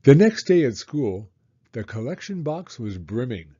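A man reading a children's storybook aloud in an expressive, animated way. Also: medium pitch, a little slow, slightly rough, dull audio. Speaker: children's book reader.

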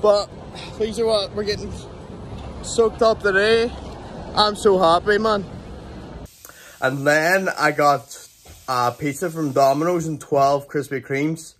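A young man with a slightly high voice talks straight to the camera in a loose, rambling vlog. He swears freely, trips over his words and restarts often, with a faint hum of traffic behind him. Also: a little slow. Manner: excited, rambling, swears a lot, many restarts. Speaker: bodybuilder vlogger. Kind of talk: casual vlog talk to camera.

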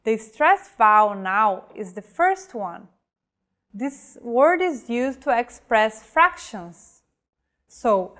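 A woman teaching pronunciation in a scripted lesson, speaking carefully and saying each example word on its own. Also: fairly high pitch. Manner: careful, measured teaching delivery with modeled example words. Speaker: language teacher.

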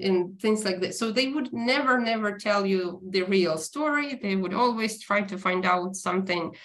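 A woman whose first language is Ukrainian, from Ukraine, giving an online lecture in a halting way with many fillers and self-corrections. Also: mid-range voice. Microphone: video call.

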